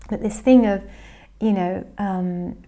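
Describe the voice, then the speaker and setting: A woman's voice: mid-range voice, steady tone, slow pace, dark tone. An Australian woman talking casually to camera about astrology at home, thinking aloud with small restarts.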